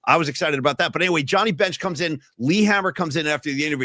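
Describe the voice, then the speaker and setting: A man's voice: a little high, quick pace, no room sound. A man hosting a sports talk show in casual banter, telling stories and tossing in "dude" and "bro.". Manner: excitable storyteller, drops "dude" and "bro". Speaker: podcast host.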